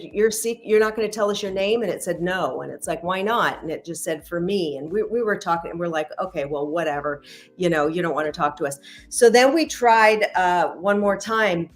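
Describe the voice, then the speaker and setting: A middle-aged woman, a matchmaker and intuitive reader, chatting as a podcast guest and acting out quoted dialogue as she tells stories. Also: fairly low pitch. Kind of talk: casual interview storytelling.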